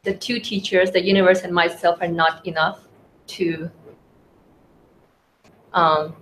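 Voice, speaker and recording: A woman's voice: on the low side, steady tone, a little slow, a bit bright. A woman in a lesson who asks questions and sums up what she has heard. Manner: inquisitive, summarizing back. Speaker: student asking questions. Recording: echoey room with faint noise.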